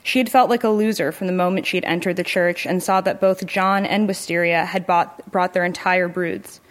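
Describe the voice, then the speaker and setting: A woman narrating a literary short story in a measured, even storytelling manner. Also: lowish voice. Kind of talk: literary fiction reading.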